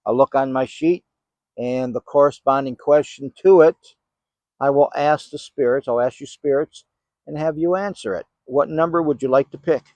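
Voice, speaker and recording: Older male ghost hunter, mid-pitched, patient questioner in a rainy graveyard, dry close sound. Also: normal speed, darkish tone, dry recording. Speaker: paranormal investigator. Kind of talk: calling out questions to spirits. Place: cemetery outdoors in the rain.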